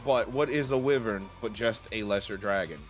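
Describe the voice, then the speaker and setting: A man hosting a livestream, chatting casually in an animated, profane way and laughing often. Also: lowish voice, moderate pace, soft background music. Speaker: streamer host.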